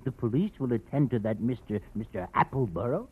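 A man's voice: mid-range voice, lively intonation, fairly quick, breathy edge. An actor playing an eccentric man in his seventies who collects coins, fussy and rambling, in a 1940s radio drama. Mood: doddering. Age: 70s. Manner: fussy, rambling, hard of hearing. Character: eccentric elderly male coin collector, doddering. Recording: tinny old radio broadcast.

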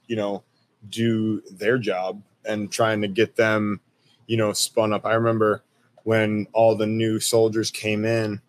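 A man in his thirties, an army veteran, telling stories in a relaxed, profane, chatty way and often breaking into laughter. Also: fairly low pitch. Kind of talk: casual storytelling interview.

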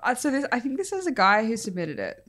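A woman's voice: on the high side, sing-song, fast talker, a bit bright. Giggly young woman podcaster. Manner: giggly, reads out listener stories. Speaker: podcast co-host. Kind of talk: casual chat.

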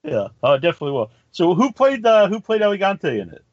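A man hosting a casual interview, easygoing and halting as he asks questions. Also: high voice, very animated, dry recording, dull audio. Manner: easygoing, laughs along, halting restarts. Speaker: podcast host.

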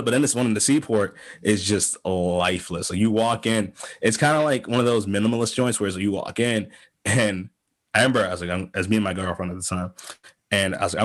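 A man's voice: on the low side, quick pace, fairly bright tone. A man hosting a podcast, telling a long story in casual chat, full of restarts and acted-out quotes. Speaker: podcast host.

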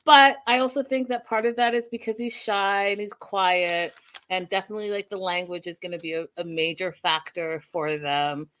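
A woman's voice: mid-range voice, normal speed. Chatty woman recapping a show live. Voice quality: chatty, animated storytelling with quoted voices. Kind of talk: casual recap chat with viewers.

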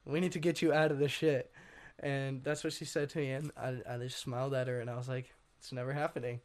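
A young man, a guest on an interview show, telling his story in a rambling, casual way, full of fillers and frequent throat clearing. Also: mid-range voice, fairly even intonation, brisk, darkish tone. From Washington state. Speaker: guest artist.

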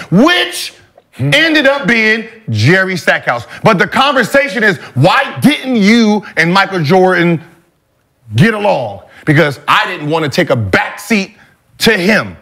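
A man's voice: high-pitched, sing-song, unhurried, bright, forceful tone. A man in his forties, a podcast co-host and former player, insistently arguing a point in a heated casual debate. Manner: insistent, argues with repeated points.

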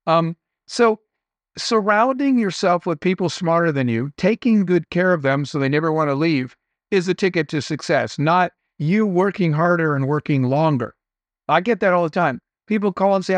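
High-voiced man telling business stories. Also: normal speed, dry recording. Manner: earnest, anecdotal, motivational. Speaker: entrepreneur guest. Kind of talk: conversational interview storytelling.

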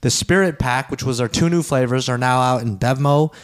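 A man's voice: mid-range voice, a little fast. A man co-hosting a podcast, reading sponsor spots and announcements in an upbeat delivery. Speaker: podcast co-host. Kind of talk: casual chat and read sponsor spot.

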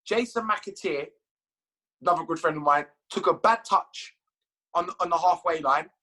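High, bright-voiced man telling stories. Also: moderate pace, poor audio. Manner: animated, swears freely, laughs at his own stories. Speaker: guest. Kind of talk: casual storytelling.

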